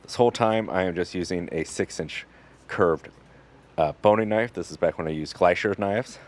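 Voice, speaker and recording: Deep-voiced man explaining butchery casually. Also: normal speed. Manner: relaxed and joking, with fillers. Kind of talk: casual instructional narration.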